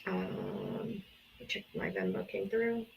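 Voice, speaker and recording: With a bass voice, huge swings in pitch, and a slow, gravelly delivery over background noise, a woman hosts a livestream. She reads out donations and thanks supporters casually and with emotional gratitude, at times laughing or sighing into her streaming setup.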